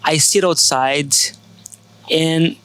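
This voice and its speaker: A man's voice: on the high side, fairly even intonation, extremely slow, a bit bright, clear, resonant tone, dry recording. A man co-hosting a podcast in a playful, joking casual chat. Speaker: podcast co-host.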